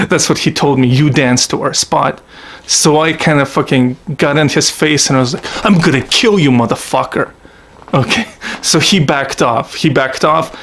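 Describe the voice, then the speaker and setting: Russian-born guy ranting about his past, lots of swearing, kinda high voice, wanders off topic. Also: a bit bright. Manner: profane, blunt, digressive. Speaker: vlogger. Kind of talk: casual storytelling monologue.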